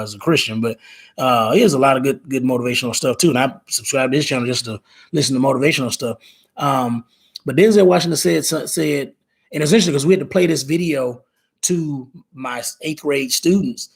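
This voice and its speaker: A man's voice: medium pitch, husky. A man in his thirties hosting a casual live stream, talking in a rambling way, repeating words and reading viewer comments aloud. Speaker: live show host.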